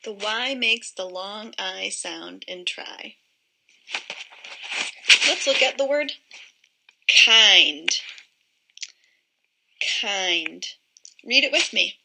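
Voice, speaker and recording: A woman teaching a phonics lesson to young children, modelling each word sound slowly and clearly. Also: mid-range voice, expressive, heavy background noise.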